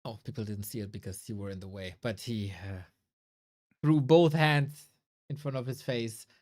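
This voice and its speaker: A woman's voice: a bass voice, normal speed, a little mellow. A woman casting a live strategy game tournament in a jokey, bantering way. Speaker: esports caster.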